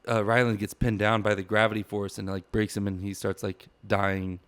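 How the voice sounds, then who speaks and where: A man's voice: fairly low pitch, little pitch movement, normal speed, fairly bright tone, clean tone, dry recording. A young man hosting a casual book podcast, rambling with fillers and teasing his partner. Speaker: podcast host. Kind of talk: casual chat about a book.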